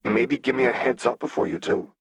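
A man voicing a blunt, earnest young male gang leader with a husky voice. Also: medium pitch, fairly even intonation, fairly quick, no echo, muffled recording, voice pushed up. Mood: wry.

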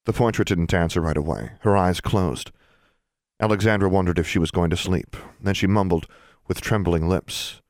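A man narrating an audiobook in an even, measured storytelling manner that hushes for suspense. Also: sits low, no room sound, studio quality. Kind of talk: scripted narration.

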